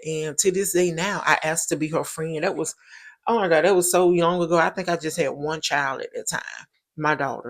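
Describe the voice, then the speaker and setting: A woman, hosting a show and telling a personal story in a casual, emphatic way, often repeating her points for stress. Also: deep voice. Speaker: show host.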